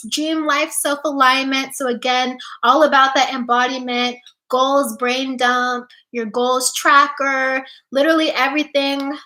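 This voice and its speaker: A bright, high-pitched woman coaching on a livestream, her voice bouncing around an echoey room. She gushes with enthusiasm and scatters "like" through every sentence. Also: level tone, unhurried. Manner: gushing, enthusiastic, lots of "like". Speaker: life coach. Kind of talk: livestream motivational talk.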